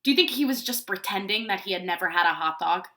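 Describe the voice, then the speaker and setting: A woman teaching preschool, reading a picture book aloud to young children in an animated way and asking them questions. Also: mid-range voice, quick pace. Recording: roomy echo.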